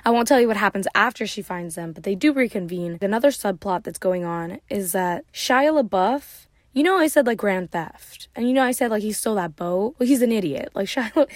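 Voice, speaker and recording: Chatty vlogger, a woman recapping a film loosely with giggles, mid-pitched, dry close mic. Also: no room sound. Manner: rambling, giggly, heavy use of "like". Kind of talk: casual movie recap.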